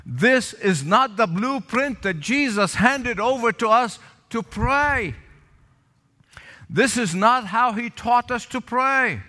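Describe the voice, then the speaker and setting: A man's voice: extremely high pitch, expressive, slow, bright, forceful tone, long reverb tail. A male pastor preaching a sermon, calling for responses from the congregation and repeating lines for emphasis. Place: church sanctuary with balcony.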